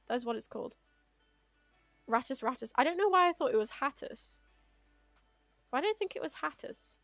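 A woman's voice: a little high, animated, normal speed, gravelly, long pauses, fairly bright tone, no echo, faint music behind. A woman streaming a game casually, playfully chatting to the creatures on screen. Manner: playful, chatty, talks to game mobs affectionately.

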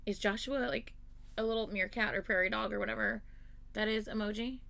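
Reacting to music videos, this woman gives loose, effusive commentary that veers from loud gushing down to soft murmurs. Her medium-pitched voice is gravelly yet steady in tone, and she speaks briskly and exclaims often.

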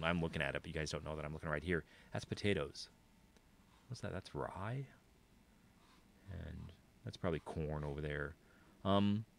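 Deep-voiced male streamer, casual running commentary while he plays. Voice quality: low voice. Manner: rambling, thinking aloud to viewers. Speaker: game streamer.

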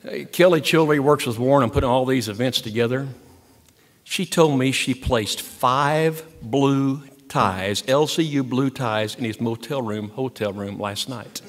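A man's voice: mid-range voice, measured pace. An older man, a university president, giving an earnest, emphatic ceremonial speech at a podium and repeating key words for weight. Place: large hall. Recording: long hall reverb.

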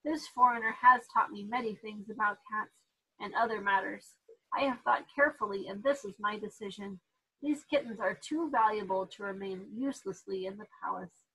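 A woman's voice: medium pitch, moderate pace, bright, forceful tone, slightly rough, low-quality recording. A woman voicing a young boy emperor who speaks in a proud, formal way. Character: young boy emperor, sulky then commanding.

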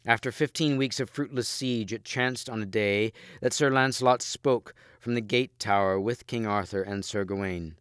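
A man reading a story aloud in steady, measured narration, close on the mic. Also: lowish voice, clean tone, dry recording. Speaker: audiobook reader. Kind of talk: scripted narration.

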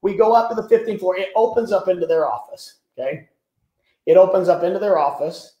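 A man's voice: sits high, brisk, lo-fi sound. A man who tells stories animatedly as a guest in a business interview, often repeating words as he talks. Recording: echoey room.

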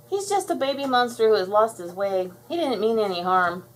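A woman voicing a sweet little superhero girl who squeals and gushes in a high, drawn-out voice. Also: animated, a little hiss or hum, natural voice. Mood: gentle.

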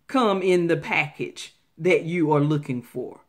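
A woman with a slightly low voice shares Bible-based relationship advice at a very slow, deliberate pace. She talks directly to her viewers and repeats phrases to drive her points home. Her delivery is earnest. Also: a bit bright. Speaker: faith-based relationship vlogger.

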